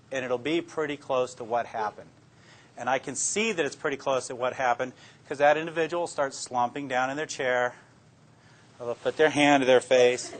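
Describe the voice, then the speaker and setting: Older man telling folksy police stories. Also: fairly high pitch. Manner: folksy, plainspoken storytelling that acts out his own interrogation lines. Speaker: police detective speaking to law students. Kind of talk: anecdotal talk to an audience.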